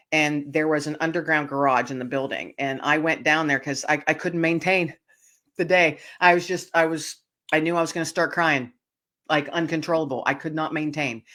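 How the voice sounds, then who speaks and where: A woman podcast host, her voice low-pitched and fairly bright, tells a personal story tearfully and earnestly, speaking directly to her listeners.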